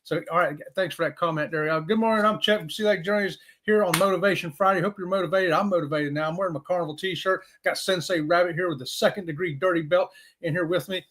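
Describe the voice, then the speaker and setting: A chatty man with a high voice hosts a casual live stream. He talks in a folksy, excitable way and keeps saying y'all. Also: fast.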